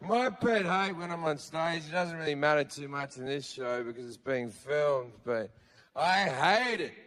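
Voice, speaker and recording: A man with an Australian accent performing a profane stand-up comedy set on a theater stage, acting out characters with shouting. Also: fairly high pitch. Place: large theater stage with a live audience. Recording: live hall recording with audience.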